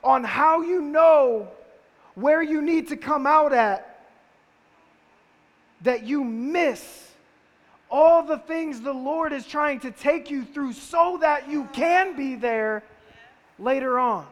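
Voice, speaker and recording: A man's voice: very high-pitched, takes it slowly, long pauses. A man preaching a sermon in a conversational style, firing off rhetorical questions at his listeners. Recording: long reverb of a large hall.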